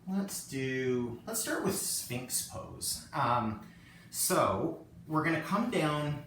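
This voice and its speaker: A man with a mid-range, fairly bright voice teaches a casual live-streamed yoga class, cueing poses while chatting and joking at himself. He laughs often. The recording has an echoey room, a distant mic, and faint noise.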